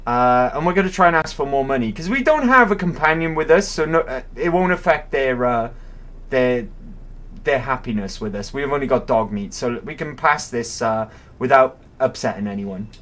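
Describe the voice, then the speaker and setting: A man's voice: medium pitch, lively intonation, moderate pace, a bit bright. A man casually commentating his own gameplay, chatty and playful, often correcting himself. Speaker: game streamer. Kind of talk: casual let's-play commentary.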